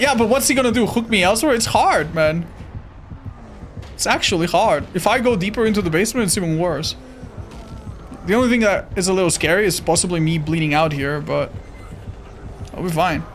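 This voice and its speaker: Male game streamer, high voice, excitable and profane, faint music under him. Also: measured pace, pauses often. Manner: excitable, swears often, talks to chat. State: tired. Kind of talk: live gameplay commentary.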